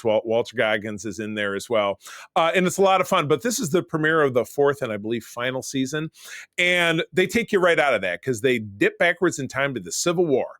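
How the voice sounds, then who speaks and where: A man's voice: medium pitch, fairly bright tone, dry recording, studio quality. A man hosting a podcast, rambling through casual recaps of movies and shows. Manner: rambling, chatty show recaps. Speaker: podcast host. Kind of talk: casual chat.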